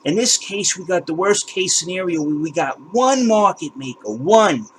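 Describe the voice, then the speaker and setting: Indignant male host, slightly high voice, swears and stumbles over repeats, faint hiss behind. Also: expressive, normal speed, a bit bright, rough recording. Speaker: crypto channel host. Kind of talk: ranting screen walkthrough.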